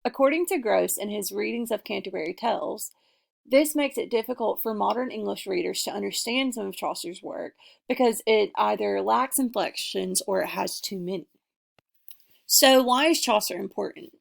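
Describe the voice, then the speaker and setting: A young woman giving a class presentation, reading her points in an earnest, measured way. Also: medium pitch, gravelly. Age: young adult. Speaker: student presenter. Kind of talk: class presentation, read from notes.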